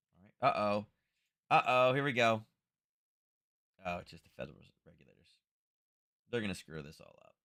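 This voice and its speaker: A man's voice: fairly low pitch, bright, forceful tone. A man hosting a casual live trading stream, thinking aloud and tagging his points with "right?" while chatting to viewers by name. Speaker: trading livestream host. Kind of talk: casual live market commentary.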